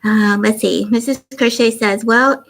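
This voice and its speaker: A woman's voice: on the high side, normal speed, low-quality recording. A middle-aged woman hosting a craft livestream, chatting casually and reading out viewers' comments. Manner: chatty, warm, reads viewer comments aloud.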